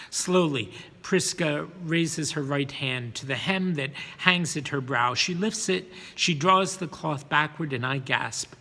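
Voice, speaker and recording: A man's voice: fairly high pitch, a little slow, creaky, bright, forceful tone, in a large hall. A man narrating a first-person story, sometimes repeating words as he reads.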